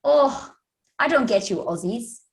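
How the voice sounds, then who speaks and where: A woman's voice: fairly high pitch, expressive, measured pace, creaky, pitched above the performer's own voice. A woman voicing a cheerful, blunt male trek porter in broken English. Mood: teasing.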